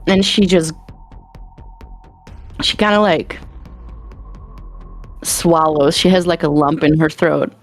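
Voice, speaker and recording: A woman's voice: low voice, slow, long pauses, faint music behind. A woman playing a tabletop game, describing her character's feelings in a hesitant, thoughtful way. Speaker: player.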